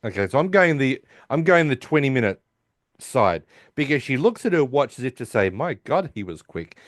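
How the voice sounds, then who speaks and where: A very animated, brisk man co-hosts a podcast, casually going over an episode and acting out characters' lines in raised, higher voices. There's no echo, and the audio is studio quality.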